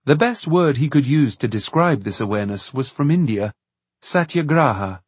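A man narrates an audiobook in a measured, even reading. His voice is husky and mid-pitched. The recording is dry and close. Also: dry recording. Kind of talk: scripted narration.

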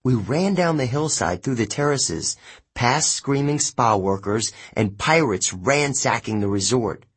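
A man reads a first-person audiobook in a slow, measured way. His voice is husky and breathy, and his pitch moves lively through each sentence. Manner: expressive, unhurried. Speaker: audiobook narrator.

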